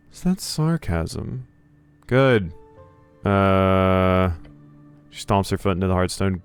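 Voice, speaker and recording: A man's voice: deep voice, lively intonation, takes it slowly, pauses often, smooth, faint music behind. A man hosting a let's play, reading game text aloud with sarcastic, joking asides. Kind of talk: playing a game and reading along.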